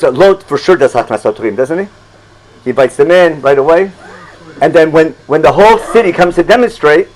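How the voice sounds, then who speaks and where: A man's voice: medium pitch, poor audio. An older man teaching a Torah class in a loose, conversational way, often asking "you follow?" and chuckling at his own asides.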